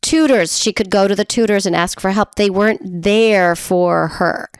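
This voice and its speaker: Casting note: playful American woman, podcast co-host, mid-pitched, dry close sound. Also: fairly even intonation, normal speed, smooth, no echo. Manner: playful, laughs often, chatty asides. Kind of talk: casual chat, retelling a history.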